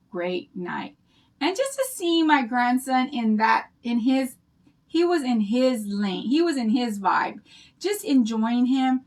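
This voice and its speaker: An older woman rambles happily to her livestream viewers, telling stories in a bubbly, chatty way. Her voice sits a little high for a woman. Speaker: craft livestream host.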